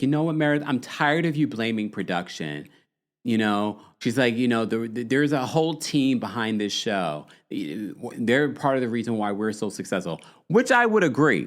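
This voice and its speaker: Male podcast host, casual gossip recap, very lively pitch, playful and chatty. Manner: animated, quotes people in shifting voices, chatty slang.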